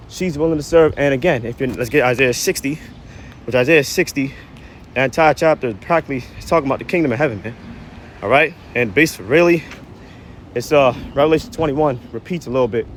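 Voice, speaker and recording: A man's voice: mid-range voice, a little fast, long pauses, a little hiss or hum. A man giving blunt, profane scripture commentary outdoors. He reads verses aloud, then explains them in slang, tagging his lines with "man" and "right?" He is short of breath. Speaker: religious commentator. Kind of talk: preachy street-corner scripture commentary.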